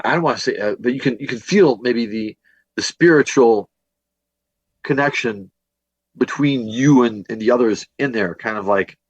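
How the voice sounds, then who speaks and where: A man's voice: medium pitch, dry recording. Man, from Northwest Indiana, rambling storyteller, dry close sound, slightly dull lo-fi recording. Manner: rambling, with many fillers and restarts. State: a bit worn from a day of teaching. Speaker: paranormal investigator and teacher guest. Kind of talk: storytelling in a podcast interview.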